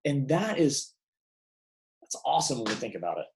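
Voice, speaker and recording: A man's voice: mid-range voice, sing-song, normal speed, a little mellow, a little hiss or hum, poor audio. A young man giving a devotional sermon in a casual, emphatic way, with many restarts. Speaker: preacher.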